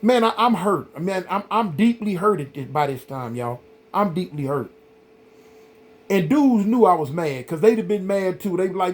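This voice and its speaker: A middle-aged man hosting a vlog, telling a story in a casual, rambling, animated way, full of "man" and "y'all". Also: sits high, normal speed. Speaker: vlog host.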